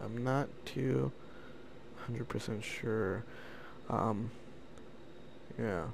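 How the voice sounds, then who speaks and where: A man giving casual, excitable gameplay commentary, prone to frustrated outbursts and slang. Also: medium pitch, drawn-out words, gravelly, background noise. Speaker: let's play gamer.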